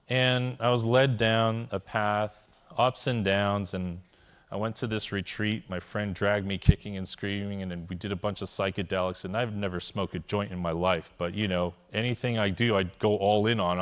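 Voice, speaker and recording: A man's voice: lowish voice, flat delivery, moderate pace, clear, resonant tone. A man telling his personal story to a live audience in a keynote talk, with candid, self-deprecating humor, often checking in with the listeners. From Korea. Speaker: conference speaker.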